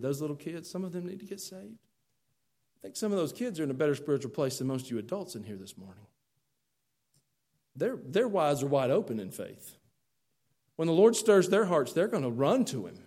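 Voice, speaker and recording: A pastor preaches to his church in a high-pitched voice. He is folksy and animated, pushing hard on some phrases and dropping low and confiding on others. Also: normal speed, pauses often. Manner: folksy, animated preaching with sudden swings between loud and soft. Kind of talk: sermon. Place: church sanctuary.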